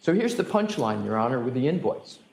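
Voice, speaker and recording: A man arguing as defense attorney before a judge, speaking in a formal, measured way. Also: medium pitch, very animated, darkish tone, reverberant, rough recording. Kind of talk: courtroom argument.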